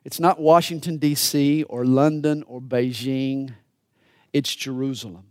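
A man preaching a sermon, dropping to a hush and then rising to fervent, pleading prayer. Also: medium pitch, fairly even intonation, measured pace, no echo, clean studio sound. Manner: dramatic preaching, swinging from hushed to fervent.

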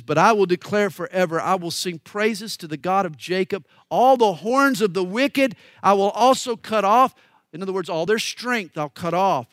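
A man from the American South preaching a sermon, emphatic and folksy, moving between loud declaiming and quiet asides. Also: high-pitched, dry recording, studio quality. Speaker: pastor.

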